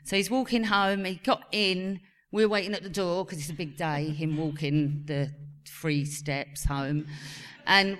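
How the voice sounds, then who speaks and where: A woman in her forties with an English accent telling a lively family story on stage, acting out the voices of her sons. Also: fairly low pitch, a little slow. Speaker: actress on a reunion panel. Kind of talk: live stage Q&A anecdote. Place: cinema venue on stage.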